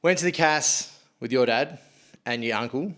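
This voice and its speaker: A young Australian man spins a story in relaxed podcast chat. He swears freely and slips into the voices of the people he quotes. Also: medium pitch, normal speed. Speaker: podcast host.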